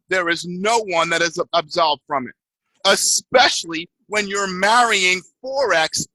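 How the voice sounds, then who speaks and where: A man delivers a motivational talk as a network marketing mentor, in an animated, storytelling way. His voice sits high and sounds bright and forceful. The recording is dry and close. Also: no room sound, rough recording. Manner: animated storytelling, acts out screaming riders.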